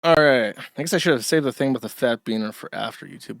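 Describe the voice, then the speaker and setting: A man's voice: mid-range voice, fast talker, creaky, hardly any pauses, fairly bright tone, no echo, clean studio sound. A man hosting a live stream, delivering sardonic and profane commentary. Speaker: streamer host.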